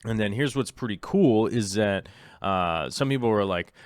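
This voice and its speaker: A man's voice: lowish voice, animated, normal speed, smooth, no echo, clean studio sound. A middle-aged man hosting a livestream in casual chat. He rambles with many ums and restarts and reads viewer comments aloud. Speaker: livestream host.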